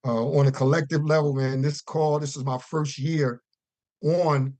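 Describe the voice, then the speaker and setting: A man's voice: a little high, fairly even intonation, unhurried, a little mellow, no room sound. Earnest man sharing on a call. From US East Coast. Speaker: caller. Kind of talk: testimony on a conference call.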